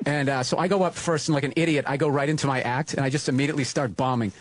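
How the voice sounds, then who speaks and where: A male comedian telling profane, animated stories about fellow comics. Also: mid-range voice, rapid-fire. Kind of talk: casual anecdote telling.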